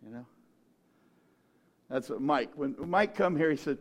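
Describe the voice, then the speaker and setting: A male pastor preaching a sermon, telling the story in an animated way that swings from quiet to shouting. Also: on the high side, measured pace.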